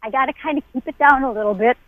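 An excitable, chatty woman calls in over a tinny phone line. Her voice sits high. The sound is dry and close. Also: very fast, no room sound. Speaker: caller. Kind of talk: casual call-in chat.

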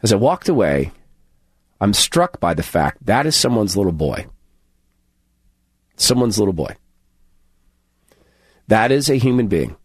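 An earnest male radio host tells a story in a halting, heartfelt way, voicing each person in it. His voice is lowish and a little husky, and its pitch swings widely. The sound is dry and close. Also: big pitch swings, no echo. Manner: earnest, halting, acts out dialogue.

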